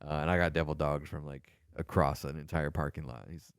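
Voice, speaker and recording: Deep-voiced man telling casual stories. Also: fairly quick, clean tone, no echo, studio quality. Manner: swearing, animated, acts out quoted voices. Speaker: podcast co-host, former Marine. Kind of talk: casual storytelling chat.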